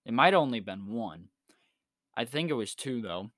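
A man's voice: mid-range voice, very animated, normal speed, a bit bright, no echo, studio quality. A young man hosting a casual solo podcast, rambling through everyday stories in a laid-back way and chuckling as he goes. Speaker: podcast host.

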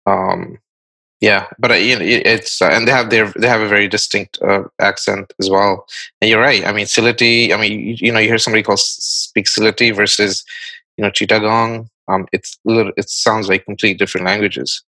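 A man's voice: fairly low pitch, steady tone, brisk, bright, forceful tone, dry recording, rough recording. A man hosting a podcast, chatting casually and thinking aloud in a friendly, easygoing way. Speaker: podcast host. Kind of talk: casual conversational interview.

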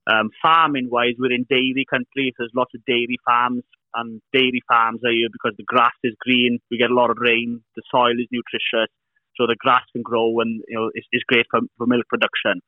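A man, a guest explaining his beekeeping business, talking in a halting way with many restarts. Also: mid-range voice, flat delivery, no echo. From Wales. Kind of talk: casual interview talk. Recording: dry, tinny phone-like line.

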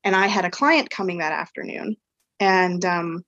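On a podcast, a woman who practices equine therapy shares a rambling personal anecdote packed with "um" and "like." Her lowish voice is steady, a bit bright, and moderately paced. The recording is muffled, without echo.

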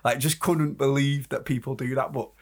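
A man's voice: mid-range voice, steady tone, normal speed. An English man co-hosting a casual podcast, talking in a rambling way with frequent restarts and laughs. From England. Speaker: podcast co-host. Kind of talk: casual banter.

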